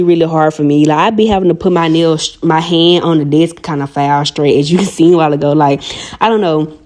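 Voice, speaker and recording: A young woman with a Southern country accent from Arkansas, chatting fast and slangy to viewers as she does her own nails. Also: low voice, a little mellow. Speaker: nail vlogger. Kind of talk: casual voice-over tutorial chat.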